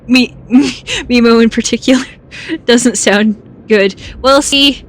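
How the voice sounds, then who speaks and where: A woman streaming a game chats casually with her viewers in a fairly high, slow voice. She giggles a lot, laughing between lines, and hiccups along the way.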